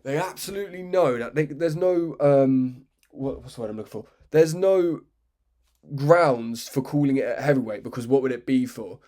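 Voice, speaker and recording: A man's voice: medium pitch, moderate pace, dark tone. A man giving unscripted, rambling commentary, swearing freely and often cutting himself off, with a sarcastic edge. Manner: rambling, swearing, self-interrupting. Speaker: MMA commentary vlogger.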